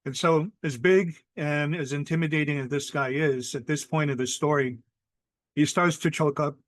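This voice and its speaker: Hawaiian storyteller man with a higher voice. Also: fairly even intonation, no echo. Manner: measured, vivid, acts out quoted people. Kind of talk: ghost story telling. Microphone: video call.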